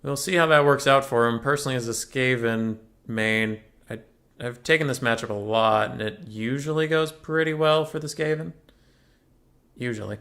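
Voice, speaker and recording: A man's voice: mid-range voice, steady tone, moderate pace, fairly bright tone. A young man casting a strategy game tournament, chatty and joking as he thinks aloud about the matchups. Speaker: tournament caster. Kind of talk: casual game commentary.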